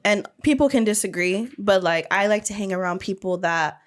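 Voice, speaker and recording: A young woman guest speaks bluntly and playfully in a casual podcast chat. Her voice sits at a middle pitch. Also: expressive, normal speed.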